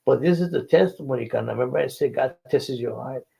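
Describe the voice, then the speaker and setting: A man's voice: mid-range voice, quick pace, vocal fry, dark tone, slightly rough, highs cut off. An older man, telling a faith testimony in an interview and acting out the dialogue earnestly. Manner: earnest storytelling, acts out dialogue. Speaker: guest.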